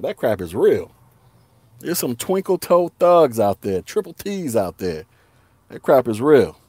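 A man's voice: on the high side, warm tone, dry recording. A man hosting a podcast alone, ranting casually in heavy slang, laughing often and repeating himself. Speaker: podcast host. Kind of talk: casual solo podcast rant.

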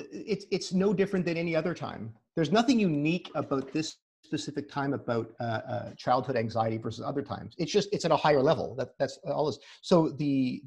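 A man with a somewhat high voice that is gravelly and husky, talking as a therapist guest on a video call. He gives advice in a casual, conversational way, often repeating words as he starts a sentence and setting his points out step by step. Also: darkish tone. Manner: explains in numbered practical steps.

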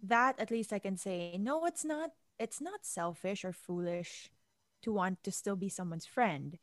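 Casting note: relaxed woman podcast co-host, friendly and supportive, dry close-miked sound. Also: medium pitch, unhurried, no echo. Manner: chatty, supportive, says "like" and "dude". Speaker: podcast co-host reading listener letters. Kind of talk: casual advice chat.

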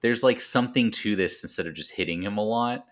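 A man's voice: lowish voice, fairly quick. A man co-hosting a podcast, chatting casually about a film and laughing often. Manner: laid-back, laughs often. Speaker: podcast co-host. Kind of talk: casual movie review chat.

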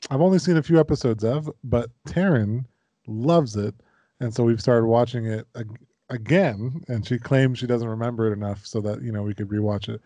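A man in casual podcast chat, relaxed and easygoing as he gives a recommendation. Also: medium pitch, moderate pace, no room sound.

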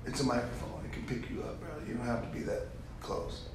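A man's voice: medium pitch, animated, quick pace, vocal fry, crowd noise. A man co-hosting a casual podcast chat, blunt and teasing, swearing freely, talking into a studio mic while wearing headphones. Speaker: podcast co-host. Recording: echoey room with faint noise.

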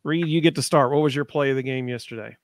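A man's voice: medium pitch, fast talker, dry recording. Guy hosting a sports podcast, reads out comments, dry close sound, mid voice. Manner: upbeat, moderating, reading comments aloud. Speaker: podcast host. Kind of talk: casual sports chat, reading viewer comments.

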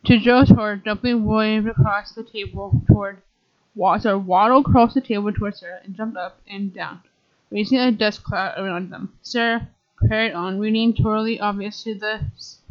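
A woman's voice: medium pitch, steady tone, moderate pace. A woman hosting a podcast, reading a children's storybook aloud with frequent stumbles and self-corrections. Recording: dull lo-fi recording.

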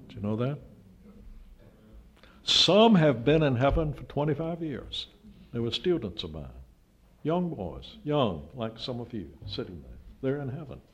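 An older man preaching a sermon, emphatic, with his voice rising to loud peaks when he stresses a point. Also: mid-range voice, sing-song, a little slow, breathy edge. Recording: dull lo-fi sound.

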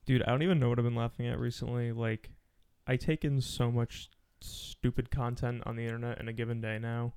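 A man's voice: medium pitch, little pitch movement, a little fast, hardly any pauses, a little mellow, clean tone. A young man co-hosting a casual podcast, talking in a laid-back way with lots of fillers. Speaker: podcast co-host. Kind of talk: casual chat.

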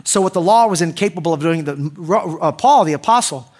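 High-voiced joking male pastor. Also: expressive, a little fast, a little mellow. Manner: joking, conversational, asks the crowd questions. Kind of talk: sermon.

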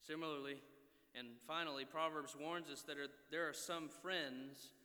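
A man in his thirties preaching a sermon, earnest and exhorting, often checking in with his listeners with a quick "right?". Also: a little high, fairly even intonation, pushed and bright. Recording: long reverb of a large hall.

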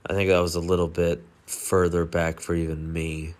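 A man's voice: low voice, flat delivery, moderate pace, slight background noise. Rambling, swearing young guy reviewing movies. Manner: rambling, profane, full of fillers. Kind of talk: casual movie reaction commentary.

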